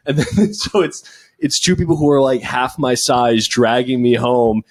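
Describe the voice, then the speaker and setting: A man's voice: medium pitch, moderate pace. Laughing young man telling a story. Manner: rambling, laughs through his own story. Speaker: podcast co-host. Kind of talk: casual storytelling chat.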